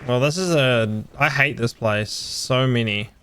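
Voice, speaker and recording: A young man with a mid-range voice speaks at a measured pace against a noisy background. Streaming a video game with friends, he chats casually, joking, teasing and swearing freely.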